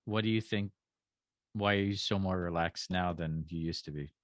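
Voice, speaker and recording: A man hosting a podcast interview in a casual, joking way with quick backchannels. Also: low voice, dry recording, studio quality. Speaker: podcast host.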